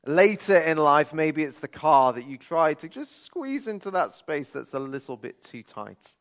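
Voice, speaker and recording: Male preacher at a church service, a touch high-pitched, conversational and earnest with light humor. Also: very animated, a little slow. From Birmingham, England. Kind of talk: sermon. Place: church service, streamed online.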